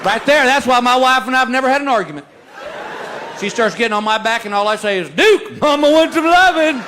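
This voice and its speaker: A man's voice: very high voice, steady tone, fast, crowd noise. A man doing a stand-up routine on stage. He is folksy and exasperated and laughs at his own jokes. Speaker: stand-up comedian. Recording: live stage recording with audience. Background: audience and room noise.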